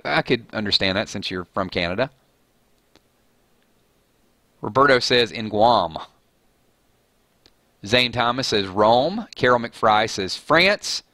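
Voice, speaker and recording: A man's voice: mid-range voice, pushed and bright, no echo. A man with a Southern US accent hosting a casual live chat, reading viewer comments aloud and joking at his own expense. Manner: chatty, reads viewer comments aloud, joking and self-mocking.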